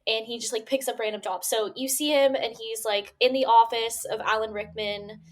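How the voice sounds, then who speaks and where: A woman's voice: a little high, fairly even intonation, normal speed. A woman co-hosting a podcast, rambling through her story with many fillers. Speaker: podcast co-host. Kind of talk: casual chat.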